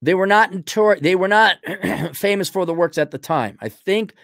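A man's voice: high-pitched, normal speed, fairly bright tone, dry recording, studio quality. A man giving a blunt, rambling, opinionated monologue in casual chat, acting out little dialogues with himself.

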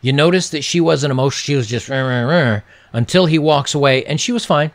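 Reaction host, male, gravelly voice, sarcastic and casual. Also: a little high, fast. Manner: sarcastic and mocking. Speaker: reaction video commentator. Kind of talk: casual commentary.

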